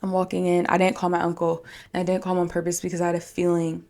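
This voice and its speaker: A young woman hosts her podcast alone, recounting a painful personal story. Her voice sits low with a gravelly fry, and her pitch stays fairly flat. She rambles emotionally, leaning on "like" again and again. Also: quick pace. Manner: emotional, rambling, many "like" fillers. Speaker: podcast host.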